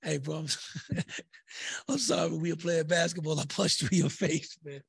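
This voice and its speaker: A man's voice: a little high, normal speed, creaky, slightly rough, no echo, heavily acted. A man playing a flippant guy who gives a mumbled, chuckling, half-hearted apology. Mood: flippant, mumbling.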